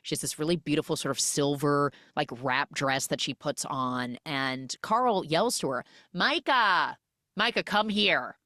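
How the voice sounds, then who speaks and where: A woman hosting a podcast, retelling a film's plot in a lively, animated way. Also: sits low, moderate pace, hardly any pauses, no room sound, studio quality. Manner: animated storytelling, acts out quoted lines. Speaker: podcast host. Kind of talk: casual movie recap.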